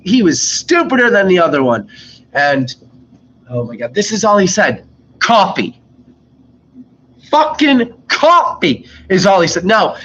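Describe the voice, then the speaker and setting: A man's voice: high-pitched, pushed and bright, muffled recording. A young man telling rambling work stories in a casual vlog, swearing freely and acting out rude customers. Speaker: vlogger. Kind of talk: casual storytelling.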